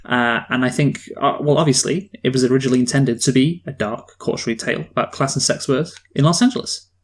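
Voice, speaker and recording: A man co-hosting a casual film review podcast, asking questions and making his points in a measured way. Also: medium pitch.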